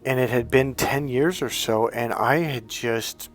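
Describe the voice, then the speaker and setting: A middle-aged man, a life coach, telling a painful personal story in a halting, emotional way, often restarting his words. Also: mid-range voice, faint music behind.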